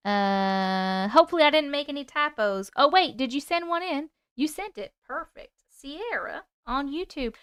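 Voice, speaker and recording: A woman's voice: high voice, expressive, moderate pace, few pauses, no room sound, studio quality. A woman with a New York accent hosting a casual livestream, chatting away, greeting viewers by name and swearing now and then. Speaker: livestream host and storyteller.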